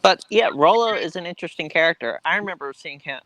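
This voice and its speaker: Bright, rambling man on a video call. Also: a little high, expressive, fast, no room sound, rough recording. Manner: rambling, with many ums and self-corrections. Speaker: guest, a heathen polytheist. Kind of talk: casual group chat.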